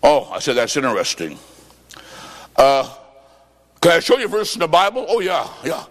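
High-voiced animated preacher in a hall. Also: male voice, normal speed. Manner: animated, with sudden shouts and sing-song phrasing. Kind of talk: sermon with storytelling. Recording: long reverb of a large hall.

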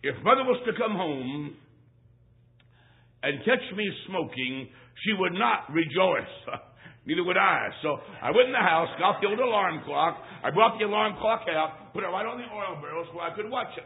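A man's voice: sits high, animated, normal speed. A man preaching a sermon as a traveling evangelist, telling a funny boyhood story in a folksy, emphatic way with punchy repetition. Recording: thin phone-like sound.

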